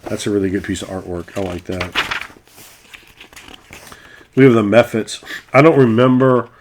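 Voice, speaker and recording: A middle-aged man, a game master who also hosts videos, talks casually at a moderate pace in a fairly low voice. He rambles, often restarts his sentences, and swears freely.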